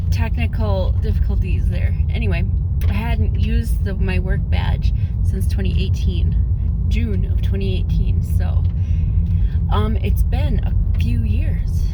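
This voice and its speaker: A woman vlogging casually from her car, rambling and poking fun at herself. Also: on the high side. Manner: rambling, self-mocking, chatty. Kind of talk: casual vlog talk. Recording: loud car and street noise.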